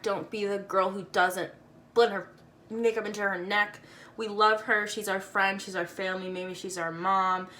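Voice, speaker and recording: A woman's voice: mid-range voice, fairly even intonation, normal speed, pushed and bright, slight background noise. A woman casually talking through a makeup tutorial, chatty and playful with slangy asides.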